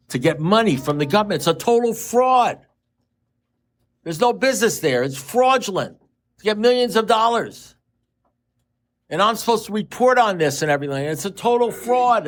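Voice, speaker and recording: A man voicing an agitated businessman outraged at a fraud, insisting and repeating himself in a much higher voice. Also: expressive, moderate pace.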